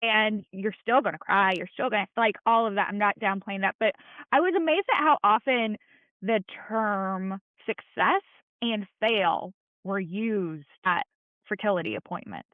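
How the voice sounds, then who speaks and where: A woman's voice: medium pitch, a little slow, no room sound. Podcast guest: woman, earnest and encouraging, over a dry, tinny phone-like line. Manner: earnest, encouraging, plain-spoken. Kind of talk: candid heartfelt conversation.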